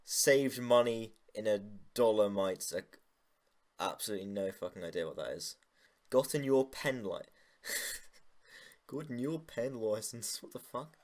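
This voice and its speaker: A man's voice: lowish voice, normal speed. A young man making a casual vlog, rambling and joking with lots of swearing. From United Kingdom. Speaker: YouTuber.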